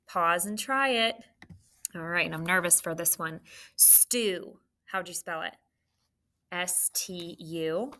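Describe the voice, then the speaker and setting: Slow, bright-voiced woman teaching spelling. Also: fairly low pitch. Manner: patient, clear, enunciates words slowly. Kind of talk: spelling lesson for children.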